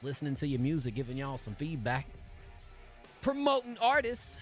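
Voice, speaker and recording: A man hosts a music review livestream in loose, slangy casual talk, greeting viewers by name. His voice sits a bit high and jumps all over in pitch. Faint music plays behind him. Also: sing-song, normal speed.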